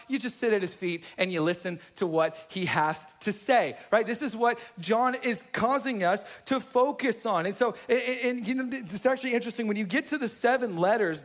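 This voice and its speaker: A male pastor preaching an energetic, conversational sermon, often checking in with the congregation. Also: high-pitched, brisk, hardly any pauses. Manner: energetic, conversational, asks the room "right?".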